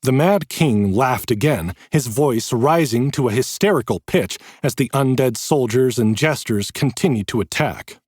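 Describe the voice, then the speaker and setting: A man reading a fantasy audiobook in dramatic, expressive narration. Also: medium pitch, normal speed, hardly any pauses, slightly rough, no room sound, clean studio sound.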